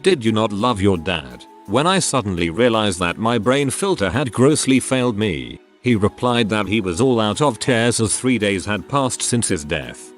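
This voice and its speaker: A man narrating online anecdotes in a steady, scripted storytelling delivery. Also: lowish voice. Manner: reads first-person anecdotes aloud in a steady storytelling delivery.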